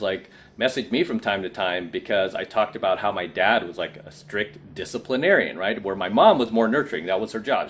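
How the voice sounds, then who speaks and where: A man's voice: fairly low pitch, fairly bright tone. A man coaching other men in a casual vlog monologue, emphatic and preachy, often asking "right?", and tired from too little sleep. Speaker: men's coaching YouTuber.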